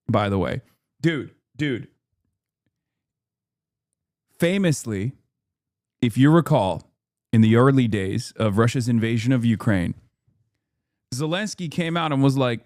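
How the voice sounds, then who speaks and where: A man streaming casual political commentary, ranting in a profane, animated way with sarcastic asides. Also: medium pitch, measured pace, long pauses, no room sound, clean studio sound.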